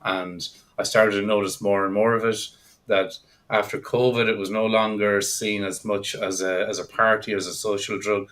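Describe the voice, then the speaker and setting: A man's voice: on the low side, flat delivery, moderate pace, fairly bright tone, rough recording. A man answering questions as an interview guest, speaking in a reflective, thoughtful way. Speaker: guest hypnotherapist.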